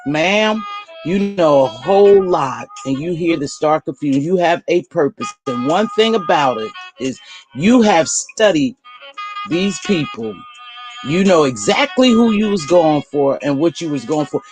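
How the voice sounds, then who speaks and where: A woman's voice: sits low, lively intonation, measured pace, faint music behind. An older woman giving blunt, exasperated live commentary to her viewers. She uses casual slang and repeats words for emphasis. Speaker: online commentator.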